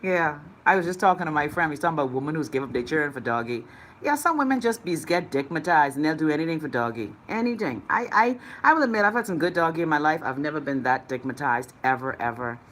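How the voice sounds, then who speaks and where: A woman's voice: low-pitched, animated, quick pace, fairly bright tone, slight background noise. A woman with a Bahamian accent hosting a live chat show, reading out viewer comments in a sassy, blunt, swearing way.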